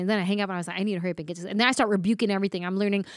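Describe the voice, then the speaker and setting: A woman in her thirties, a comedian guest, telling a story with lively acted-out quotes. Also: medium pitch, racing, no echo, studio quality. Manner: acts out quotes with big voice swings. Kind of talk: animated storytelling.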